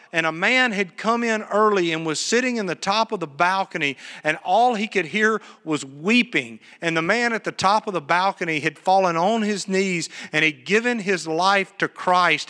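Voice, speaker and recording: Guy preaching a sermon in church, ringing bright voice, long echo. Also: high-pitched. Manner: earnest storytelling preacher, asks the congregation questions. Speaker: pastor. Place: church sanctuary, live service. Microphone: PA microphone.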